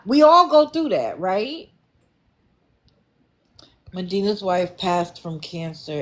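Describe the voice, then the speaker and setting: A middle-aged woman hosting a livestream, giving casual, sassy commentary and answering her chat in an animated way. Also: mid-range voice, slow, long pauses. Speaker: livestream host.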